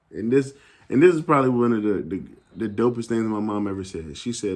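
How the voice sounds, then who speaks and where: A young adult man telling a casual story in an animated, slangy way, acting out the people he quotes. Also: lowish voice, moderate pace. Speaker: YouTube gaming channel host.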